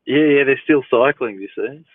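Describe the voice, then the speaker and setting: Reading out chat questions with easy amusement and frequent chuckles, a male livestream host runs a casual Q&A from his phone. He speaks at a moderate pace in a medium-pitched voice, and the audio is dry and tinny with no echo.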